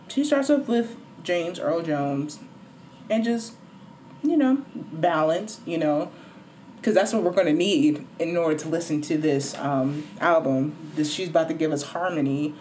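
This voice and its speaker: A woman vlogging a casual album review, animated and dramatic, swearing and breaking into sudden high squeals. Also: a little hiss or hum. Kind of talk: casual excited rant to camera.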